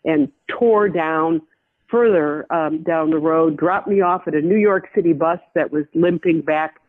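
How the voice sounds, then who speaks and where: An older woman from the Midwest, a veteran journalist, telling a personal story in an interview in a measured, reflective way, often restarting her sentences. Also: deep voice. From American Midwest. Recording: tinny phone line.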